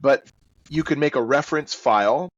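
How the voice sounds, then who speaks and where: A man's voice: mid-range voice, moderate pace, no echo, muffled recording. A man guest chatting casually in an interview, self-deprecating and slipping into voices as he talks. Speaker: guest author and audiobook narrator.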